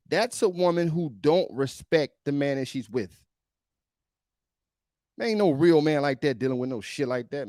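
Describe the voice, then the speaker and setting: A man's voice: fairly high pitch, a little mellow, no room sound, studio quality. A male podcast host giving emphatic, preachy reaction commentary on a video, often repeating himself.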